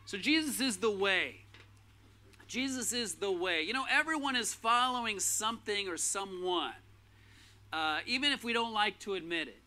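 A man's voice: sits high, expressive, normal speed, pushed and bright. A man preaching a sermon in a casual, conversational way, with lots of fillers and restarts. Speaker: pastor.

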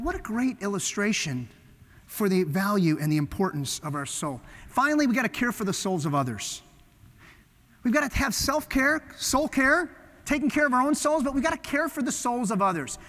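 A man preaching a sermon, telling stories with animated swings between loud emphasis and hushed asides. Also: high-pitched. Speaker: pastor. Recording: long hall reverb.

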